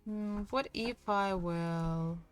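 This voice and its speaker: A woman teaching a language lesson, patiently repeating each word slowly for her students. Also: medium pitch.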